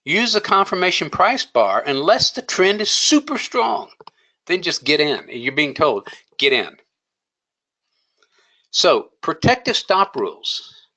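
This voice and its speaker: A man's voice: high voice, very animated, measured pace, pushed and bright, low-quality recording. A man teaching a day trading lesson, coaching emphatically and asking rhetorical questions. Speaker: trading educator. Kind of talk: screen-share trading lesson.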